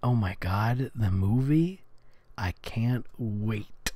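A man giving an ASMR-style reading with sarcastic, incredulous asides, often sinking into a soft whisper. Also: on the low side, animated, drawn-out words, no room sound. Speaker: reader.

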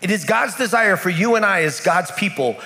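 A man's voice: high-pitched, animated, a little fast, sharp tone. A man from the United States preaching a sermon in a church in Kenya, telling a story with lots of repetition. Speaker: pastor. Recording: echoey church hall.

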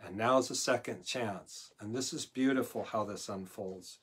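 A male pastor giving a conversational verse-by-verse Bible teaching, moving between loud emphasis and quiet asides. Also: fairly low pitch, normal speed, husky. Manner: conversational, swings from loud emphasis to near-murmur.

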